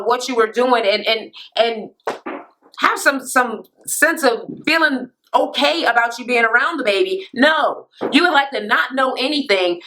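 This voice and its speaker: A woman in her thirties hosting a reality TV recap, ranting casually with lots of profanity and sass. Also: a little high. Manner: profane, sassy, animated ranting. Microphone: camera mic.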